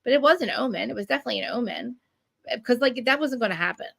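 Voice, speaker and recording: A woman ranting in casual chat, animated and profane, with many restarts. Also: fairly high pitch, gravelly, no room sound. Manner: rapid, profane, animated rant with frequent restarts. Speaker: guest commentator. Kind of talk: casual chat recapping a reality show.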